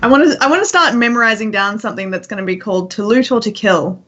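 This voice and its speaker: A woman's voice: mid-range voice, quick pace, fairly bright tone. A woman playing a tabletop role-playing game, speaking eagerly and asking curious questions. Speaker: player. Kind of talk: casual role-play banter. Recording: dull, lo-fi stream audio.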